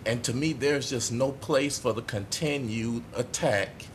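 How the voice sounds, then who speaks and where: A middle-aged man giving a tearful, impassioned speech as a city commissioner at a council meeting, halting and apologetic. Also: medium pitch, a little hiss or hum. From United States.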